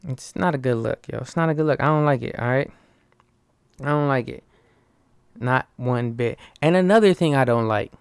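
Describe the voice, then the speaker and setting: A young man rants for laughs, swearing freely and tossing "right?" at his listeners between points. His voice is smooth and full at a middling pitch. The sound is dry and close to the mic. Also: moderate pace, dry recording. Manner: animated, swearing, keeps asking "right?". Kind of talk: profane comic rant.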